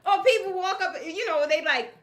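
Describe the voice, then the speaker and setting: With heavy background noise behind her, a woman in a very high voice speaks at a moderate pace to an audience of peers. She runs a draping business and keeps her talk lively and informal, emphatic, and full of laughter.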